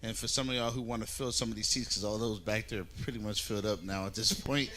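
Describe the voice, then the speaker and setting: A man's voice: fairly low pitch, fairly quick, a bit bright. A man hosting a comedy show, casually thanking the audience and announcing a break. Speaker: show host and producer. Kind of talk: stage announcements. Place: comedy club stage.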